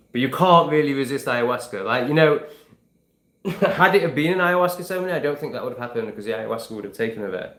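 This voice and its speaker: A man's voice: on the low side, echoey room. A man in his forties chatting casually to camera, rambling and swearing freely as he restarts his sentences. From England. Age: 40s. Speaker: vlogger.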